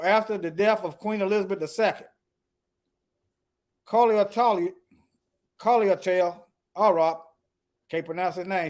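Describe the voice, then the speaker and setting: A man with a notably high speaking voice, reading news articles aloud and commenting on them in a loose, off-the-cuff way. He hammers his points by repeating phrases and trips over words as he goes. Between points he drops to a quiet mutter, talking to himself. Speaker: political commentator.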